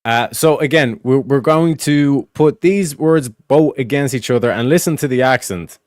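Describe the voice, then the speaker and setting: A man's voice: medium pitch, normal speed, a little mellow, dry recording, clean studio sound. A man streaming, explaining in casual, rambling talk that is full of swearing and repeated asides. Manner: rambling, profane, repeats "do you know what I mean".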